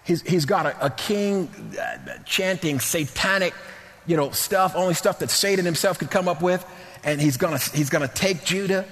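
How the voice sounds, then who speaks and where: Male preacher, middle-aged, fairly high voice, animated sermon delivery, long hall reverb. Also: moderate pace. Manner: animated, repeats words, rises to near-shouts.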